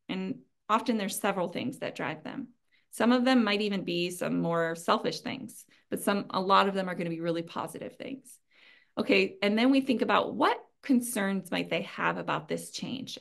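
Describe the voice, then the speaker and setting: Creaky-voiced woman giving practical advice. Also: mid-range voice, fairly bright tone. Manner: earnest, advising, frequent ums and light laughs. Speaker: webinar presenter. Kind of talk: conversational training talk.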